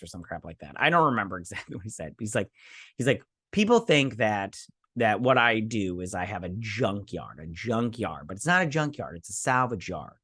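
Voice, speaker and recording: A man's voice: medium pitch, fairly bright tone, dry recording, clean studio sound. A man hosting a casual show recap, sarcastic and rambling, often quoting characters in voices. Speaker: host.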